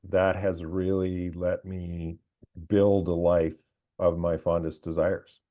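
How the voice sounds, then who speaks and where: A man who works as a coach, speaking in a measured, thoughtful way as a podcast guest. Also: sits low, flat delivery. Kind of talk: reflective casual chat. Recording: dull lo-fi audio.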